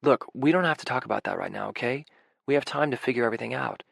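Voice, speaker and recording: A man voicing a gentle, steady male lover. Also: medium pitch, quick pace, gravelly, no room sound, clean studio sound. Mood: tender. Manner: soft, soothing, reassuring. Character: gentle, steady adult man, a caring partner.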